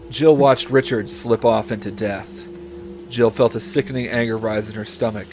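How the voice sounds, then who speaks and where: A male podcast host reads a story aloud in a deadpan, steady voice. He breaks off to swear and comment between sentences, and a faint ambient hum sits behind him. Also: lowish voice, moderate pace. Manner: deadpan narration broken by swearing and asides. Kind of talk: comedic read-aloud with banter.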